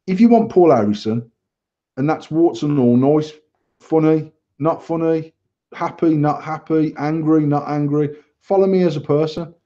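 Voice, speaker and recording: A man chats and rants on a banter podcast, cursing freely and acting out online arguments with plenty of energy. His voice is mellow and relaxed in tone. The recording sounds somewhat dull and lo-fi. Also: fairly high pitch, normal speed. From England. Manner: swears a lot, animated retelling of arguments. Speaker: podcast co-host. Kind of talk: casual banter, storytelling.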